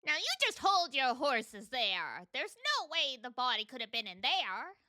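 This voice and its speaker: Woman playing folksy southern gal, put-on drawl, lively, high, game music behind. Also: unhurried, no room sound, clean studio sound, exaggerated voice. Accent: put-on American Southern. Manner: drawling, colloquial, playful.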